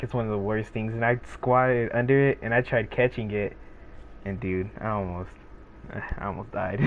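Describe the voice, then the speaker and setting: A teenage male gaming streamer chatting casually with viewers, rambling along with lots of fillers and restarts. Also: medium pitch. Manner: rambling, laid-back, many fillers and restarts. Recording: tinny phone-like sound with faint noise.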